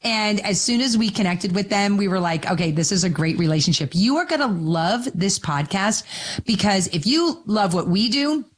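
A woman's voice: mid-range voice, animated, normal speed. A woman co-hosting a podcast, introducing guests in a chatty, enthusiastic way. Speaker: podcast co-host.

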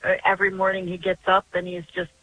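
A woman's voice: mid-range voice, little pitch movement, fast, pushed and bright, highs cut off, a little hiss or hum. An older woman calling in to a radio show by phone, telling a long story in an earnest, rambling way. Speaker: caller.

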